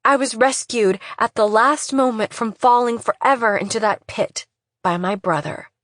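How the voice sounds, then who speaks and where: A woman's voice: fairly high pitch, moderate pace, a bit bright, dry recording, studio quality. Woman narrating a first-person audiobook. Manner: reflective, wry storytelling.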